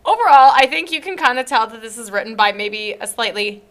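A woman's voice: a little high, animated, a bit bright. A young woman co-hosting a podcast, chatting casually and laughing often, sometimes reading fan fiction aloud. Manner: giggly, quick to laugh, playful. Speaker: podcast co-host.

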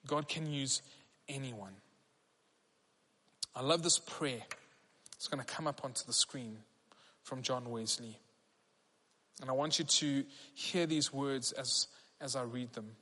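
A man's voice: medium pitch, measured pace, long pauses, pushed and bright. A man preaching as a pastor, earnest and encouraging, leading a congregation in prayer. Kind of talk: sermon. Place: large church hall. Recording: long hall reverb.

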